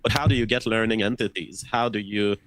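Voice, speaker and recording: A man's voice: on the low side, fairly even intonation, fairly quick, a bit bright, no echo, rough recording. A man in a conversation earnestly explaining his ideas, often repeating words as he thinks. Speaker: interview guest.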